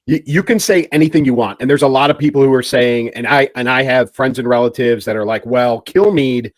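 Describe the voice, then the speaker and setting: A man's voice: medium pitch, fast, no echo. A man co-hosting a political talk show, explaining points emphatically.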